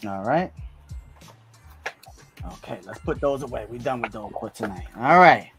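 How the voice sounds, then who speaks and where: A man hosting a live stream, chatting casually with loud, laughing banter. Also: mid-range voice, animated, normal speed, faint music behind. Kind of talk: casual chat.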